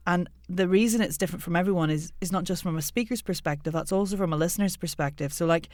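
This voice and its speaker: Erklärende Akzenttrainerin, trocken aufgenommen. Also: female voice, lowish voice, darkish tone, dry recording, clean studio sound. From United Kingdom. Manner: measured, explaining step by step. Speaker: accent coach. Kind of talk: explanatory interview talk.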